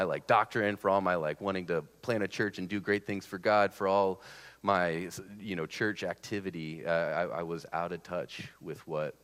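A man in his thirties with a low, slightly bright, smooth voice preaches a sermon in a large hall. He's a pastor with a casual, conversational manner, halting often and restarting his sentences.

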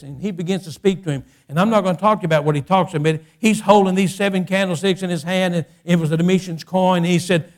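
A man pastor preaching a sermon, often repeating and restarting phrases and climbing to loud, impassioned peaks. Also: high voice.

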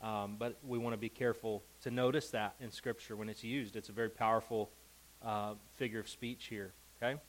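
A man's voice: lowish voice, brisk, poor audio. Bible teacher man leading a class. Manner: animated, reads scripture with emphasis, checks in with "okay?" and "right?".

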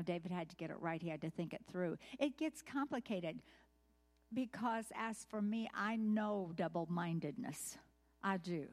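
A woman preaching a conversational sermon. She is candid and self-deprecating, asks the listeners questions, and tells stories with energy, speeding up when she quotes others. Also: fairly low pitch. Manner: lively storytelling, quickening when quoting others.

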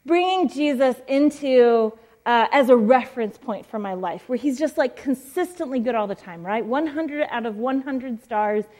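A woman's voice: a little high, animated, normal speed, hardly any pauses, mellow. A woman in her forties giving a sermon as a pastor, telling stories in a chatty way with many fillers. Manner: chatty, storytelling, frequent fillers and laughs. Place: church stage.

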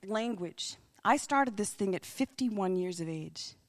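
A woman preaching a sermon as a missionary speaker, telling stories with animation and dropping into hushed whispers. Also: medium pitch, lively intonation, measured pace.

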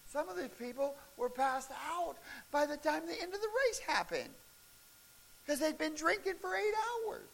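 Lively high-voiced male preacher. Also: moderate pace, creaky. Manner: animated, shouts and laughs at the peaks of stories. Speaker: pastor. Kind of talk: sermon storytelling. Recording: faint hiss.

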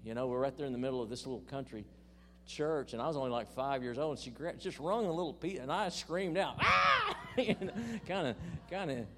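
A man's voice: mid-range voice, fairly quick, slight background noise. An older man preaching a sermon, reading scripture with emphasis and making folksy asides to his congregation. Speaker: pastor.

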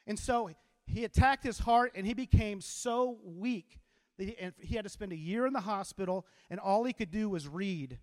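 A man with a notably high voice gives an animated, story-driven motivational talk to a crowd, drawing them in to repeat his lines. His voice rings with a long reverb from a large hall. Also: moderate pace. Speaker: teacher giving a motivational talk. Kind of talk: inspirational talk to a live audience.

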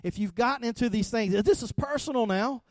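A middle-aged man, a pastor, preaching a conversational sermon that restarts words often and swings between soft and loud. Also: very high voice, a little fast, no room sound. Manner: conversational preaching with repeated starts and swings in loudness.

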